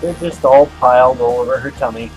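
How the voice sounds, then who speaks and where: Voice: medium pitch, fairly quick, darkish tone. A pet vlogger in their fifties, chatting casually and cooing playfully while narrating footage. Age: 50s. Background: background music.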